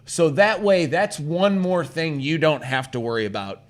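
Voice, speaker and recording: A young man co-hosting a loose chat show, his voice sitting a touch high for a man. He rambles and swears freely, telling stories with a lot of animation. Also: moderate pace. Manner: profane, rambling, animated storytelling. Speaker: podcast co-host. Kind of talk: casual chat.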